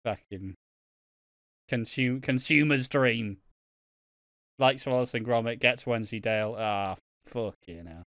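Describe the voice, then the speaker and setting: A man co-hosting a podcast, recapping a soap opera in casual, sweary, animated rants. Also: medium pitch, unhurried, long pauses, no room sound, clean studio sound. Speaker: podcast co-host.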